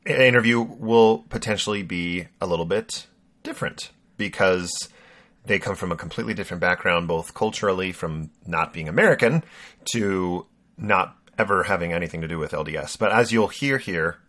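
A man co-hosts a podcast in relaxed, teasing conversation, wandering through his thoughts. His voice sits a bit low but comes across bright and forward. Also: normal speed. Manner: jokey, rambling, teasing. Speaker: podcast co-host. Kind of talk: casual chat.

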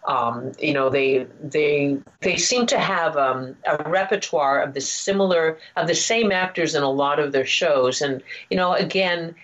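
A woman's voice: low voice, unhurried, hardly any pauses, highs cut off. A woman voice actor telling a story in a casual interview, rambling with many restarts and asides.

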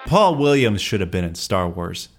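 A man's voice: low-pitched, big pitch swings, moderate pace, faint music behind. A man in his thirties with an American accent co-hosting a casual movie podcast, teasing with dry jokes and ranting with energy. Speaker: podcast co-host. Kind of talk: casual movie review chat.

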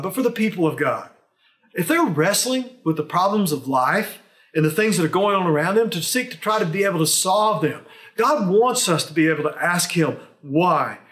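A man's voice: a little high, fairly bright tone. A man preaching a sermon as a pastor, earnest and emphatic, asking his listeners rhetorical questions.

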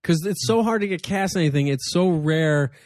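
A man's voice: on the high side, brisk, a little mellow, no echo, studio quality. A man hosting a comedy podcast, chatting casually with a guest and rambling through his questions with restarts. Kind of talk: casual interview chat.

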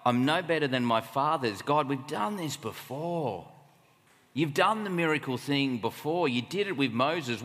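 A man's voice: on the high side, fairly bright tone. A man with an Australian accent preaching a sermon at a camp, conversational and full of rhetorical questions. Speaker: camp speaker. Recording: long hall reverb.

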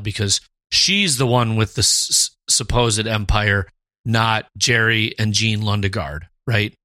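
A man co-hosting a podcast in casual chat, animated and quoting lines in put-on voices. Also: on the low side, unhurried, no echo. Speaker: podcast co-host.

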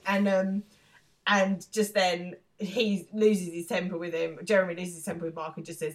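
A woman's voice: medium pitch, steady tone, normal speed. A woman co-hosting a podcast, recapping a show in casual chat and often laughing as she acts out lines. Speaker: podcast co-host.

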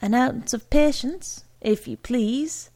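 A woman voicing an ingratiating, overly formal male salesman in a read-aloud story, with a slow, gravelly voice. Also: on the high side, warm tone. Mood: smooth.

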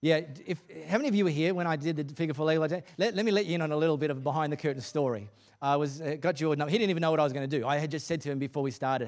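A man's voice: a little high, rapid-fire, darkish tone. A male pastor preaching a sermon at a church service in a casual, joking, conversational way.

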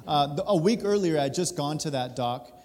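A man in his thirties, a pastor, telling a personal story during a sermon, animated and laughing through it. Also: fairly high pitch, fairly quick. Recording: reverberant hall.

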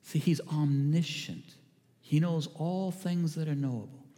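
A man preaching a sermon as a pastor, earnest and warm in his pleading, often dropping to a hushed voice. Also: fairly high pitch, a little slow, big-room sound. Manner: earnest, drops to a hushed voice for quoted lines. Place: church sanctuary.

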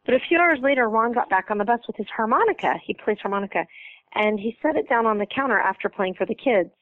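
A woman comedian telling anecdotes as a guest, lively and quick to laugh. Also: fairly high pitch, no room sound, narrow, tinny audio. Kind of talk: casual storytelling interview.

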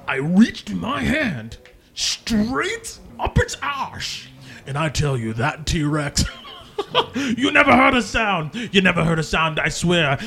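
A man voicing a boisterous, grizzled veteran warrior who brags loudly and laughs. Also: a little high, creaky, pitched above the performer's own voice, heavily acted. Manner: loud, boastful, laughing.

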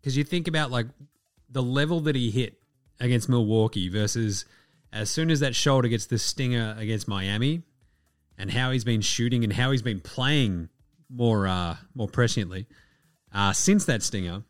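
Blunt, profane podcast host. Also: male voice, medium pitch, moderate pace, dry recording, soft background music. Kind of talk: casual sports podcast rant.

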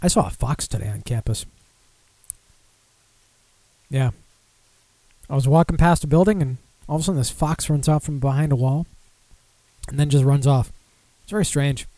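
A man's voice: medium pitch, normal speed, long pauses, mellow, no echo. A young man hosting a casual podcast, rambling and self-deprecating with lots of fillers while running through beer news. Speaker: podcast host.

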